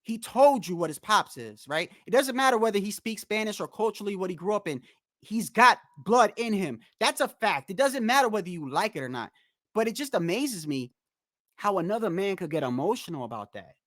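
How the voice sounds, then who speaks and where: Answering chat on his live stream, this host rants casually, blunt and full of curses. He has a high, fairly bright voice with big pitch swings, a little fast, in clean studio sound with no room sound.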